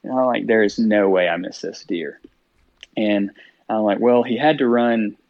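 Lively low-voiced man telling a story. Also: normal speed, vocal fry, dry recording, dull audio. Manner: lively storyteller who acts out his own thoughts; laughs often. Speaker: podcast guest. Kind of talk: storytelling interview.

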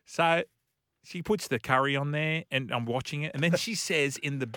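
A man's voice: fairly high pitch, moderate pace, bright, forceful tone, a little hiss or hum. A man co-hosting a sports radio show, telling stories in a jokey, laughing way. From Australia. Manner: storytelling, jokey, laughs easily. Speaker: radio co-host. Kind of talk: casual radio chat.

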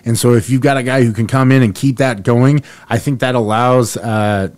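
A man's voice: mid-range voice, fairly even intonation, normal speed, darkish tone, no echo. A man co-hosting a casual sports podcast, talking in a rambling, jokey way with restarts. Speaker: podcast co-host.

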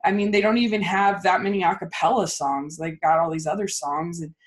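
A woman co-hosting a casual movie review chat, ranting in animated, fast bursts. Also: on the low side. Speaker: podcast co-host.

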